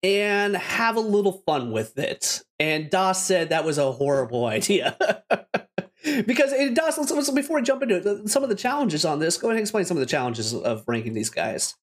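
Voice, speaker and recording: A man's voice: high voice, big pitch swings, normal speed. Upbeat man hosting a podcast. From Canada. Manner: upbeat, rambling, laughs often. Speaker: podcast host.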